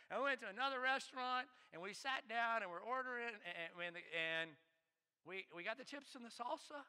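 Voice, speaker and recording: Bright-voiced pastor preaching in a reverberant church. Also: male voice, extremely high pitch, fast, smooth. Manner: conversational storytelling, repeats phrases, rhetorical questions. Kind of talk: sermon. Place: church sanctuary. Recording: long church hall reverb.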